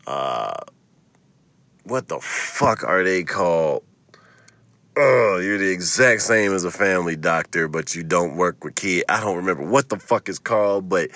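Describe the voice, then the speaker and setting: A man's voice: low voice, sharp tone, dry recording. A man hosting his own podcast alone in his car, delivering a profane, ranting comedic monologue into a phone. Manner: profane, ranting, swears constantly. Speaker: podcast host. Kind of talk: solo comedic podcast rant.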